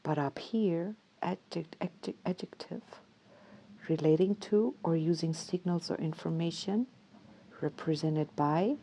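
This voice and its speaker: A woman's voice: deep voice, measured pace, dark tone. A woman hosting a solo show, talking casually and thinking aloud, laughing often and dropping into whispers. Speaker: podcast host.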